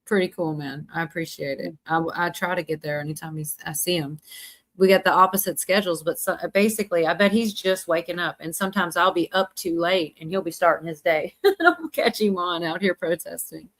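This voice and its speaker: A woman's voice: lowish voice, brisk, fairly bright tone. A woman hosting a livestream, talking casually in a rambling, chatty way and laughing often. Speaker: livestream host. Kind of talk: casual chat.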